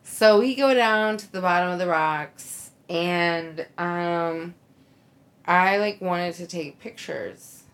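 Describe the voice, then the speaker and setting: A woman's voice: fairly low pitch, slow, a bit bright. A woman casually telling a long, rambling personal story with many likes and ums, laughing along the way. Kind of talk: casual chat.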